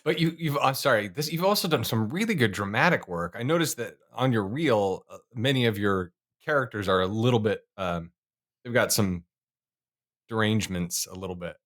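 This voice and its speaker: A man's voice: lowish voice, lively intonation, normal speed, fairly bright tone. A man hosting a podcast, chatting casually with a guest and laughing along. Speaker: podcast host. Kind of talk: casual interview chat.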